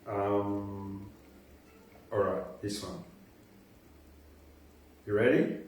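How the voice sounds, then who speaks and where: Male poetry host, unhurried delivery, distant mic with heavy room echo. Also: on the low side, steady tone, darkish tone. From Australia. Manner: laid-back, chatty between poems. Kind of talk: relaxed poetry reading. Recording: very echoey room, voice far from mic.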